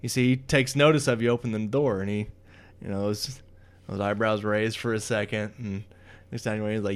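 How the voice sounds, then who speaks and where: A man narrating as game master of a tabletop game, low and halting with many fillers. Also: fairly even intonation, smooth.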